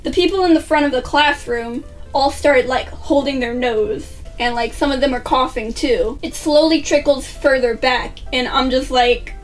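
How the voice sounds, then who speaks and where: This vlogger's voice sits high, and she speaks at a normal pace with hardly any pauses, casually recounting a storytime and occasionally swearing while playing out other people's lines. Her mic is far off, and faint music plays.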